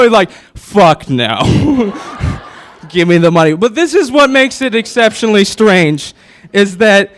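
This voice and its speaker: A man's voice: sits high, a bit bright. Nervous, rambling young male comedian. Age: 20s. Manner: nervous, rambling, with many fillers. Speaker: stand-up comedian. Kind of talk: stand-up comedy set. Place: comedy stage before a live audience.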